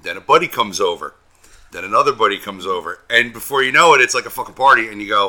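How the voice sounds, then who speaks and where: Co-host, man, low-ish pitch, sharp bright tone, dry teasing. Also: fast. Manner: wry, teasing interjections. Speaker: podcast co-host. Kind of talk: casual chat.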